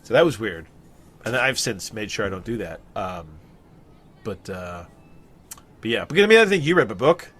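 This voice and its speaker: Dude on a podcast, lowish voice, bright edge, rambles and curses. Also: male voice, big pitch swings, a little hiss or hum. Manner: rambling, swears freely, quick asides. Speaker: podcast co-host. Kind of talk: casual chat.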